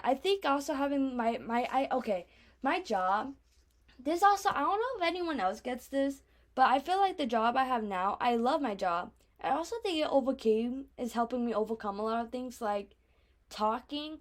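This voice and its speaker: A young woman from Arizona with a speech impediment, telling personal stories in a casual, rambling vlog. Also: fairly high pitch. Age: young adult. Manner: chatty, lots of "like" and restarts, acts out her own reactions. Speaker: vlogger.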